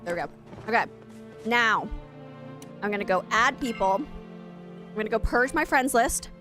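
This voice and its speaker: Woman, young adult, game streamer, chatty and rambling, slightly high pitch, faint music behind. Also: expressive, unhurried, sharp tone. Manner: chatty and rambling, talks straight to viewers. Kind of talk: casual live-stream chat.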